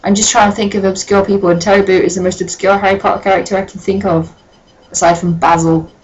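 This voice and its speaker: A woman doing a comedic dramatic reading of a story, breaking off with sarcastic, sweary, deadpan asides. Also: medium pitch, fast talker, highs cut off. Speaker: reader and commentator.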